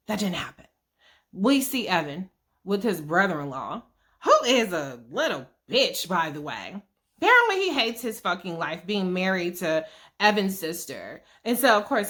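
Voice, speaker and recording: Bright-voiced woman with a foul-mouthed, chatty delivery. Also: fairly low pitch. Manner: profane, chatty, acts out quotes. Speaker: TV episode recap host. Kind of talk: casual vlog recap.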